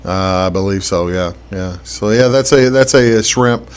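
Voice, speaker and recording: A man hosting a casual talk show, chatting in a halting way with many fillers and restarts. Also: deep voice, clear, resonant tone. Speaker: host. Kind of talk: casual radio-style talk show chat.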